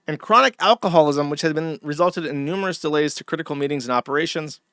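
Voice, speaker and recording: A man's voice: on the high side, quick pace, fairly bright tone, smooth, no room sound, studio quality. A man hosting a livestream, ranting and swearing in casual commentary. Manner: profane, ranting. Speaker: stream host.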